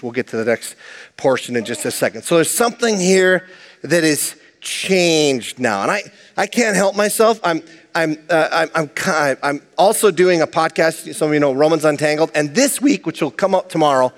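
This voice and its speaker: Male pastor, high voice, lively conversational sermon, big hall reverb. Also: moderate pace. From Minnesota, USA. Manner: animated, conversational preaching with asides.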